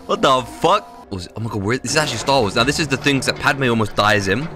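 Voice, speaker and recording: A man streaming a game live, reacting loudly and excitably with lots of swearing. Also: medium pitch, quick pace, hardly any pauses, soft background music. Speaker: gaming streamer. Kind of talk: casual live-stream gameplay commentary.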